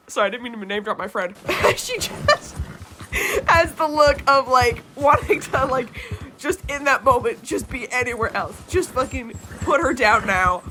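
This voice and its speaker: A woman's voice: high-pitched, expressive, unhurried, background noise. A young American woman streaming a game, telling a rambling story with lots of fillers and casual swearing. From United States. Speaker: gaming streamer. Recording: game sounds and hoofbeats under the voice.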